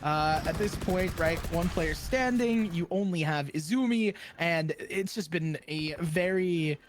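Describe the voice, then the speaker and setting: A play-by-play caster calling a live esports match. The delivery is rambling and jokey, full of quick asides, stumbles and restarts, with a voice of middling pitch. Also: slight background noise.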